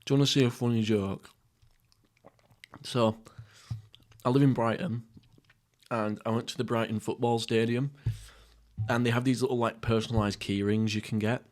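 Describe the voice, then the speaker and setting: A young man from England chats alone into a mic as he eats, drifting from one crude, deadpan joke to the next. His voice sits at an ordinary middle pitch and his delivery stays loose and unhurried. The mood is casual and lightly mischievous throughout. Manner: rambling, jokey, crude, deadpan. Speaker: podcast host. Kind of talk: casual solo mukbang chat.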